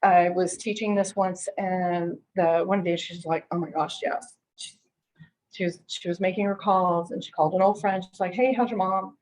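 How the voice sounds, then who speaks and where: A woman's voice: fairly low pitch, fairly even intonation, moderate pace, a little mellow, rough recording. A middle-aged woman giving a conversational real estate training, chatty, full of restarts, acting out what callers say. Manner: chatty, repeats and restarts, acts out quoted callers.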